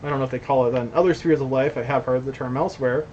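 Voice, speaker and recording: A man's voice: mid-range voice, fairly even intonation, very fast, darkish tone, lo-fi sound, a little hiss or hum. Blunt rambling man on a stream. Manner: blunt, rambling, swearing, laughing asides. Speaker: company founder hosting a stream. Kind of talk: casual streamed commentary with chat reading.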